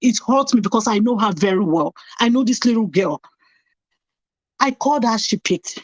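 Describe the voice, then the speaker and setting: A woman's voice: on the high side, expressive, normal speed, no room sound, dull audio. A middle-aged woman telling a painful personal story earnestly, repeating phrases for emphasis. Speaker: guest telling her story.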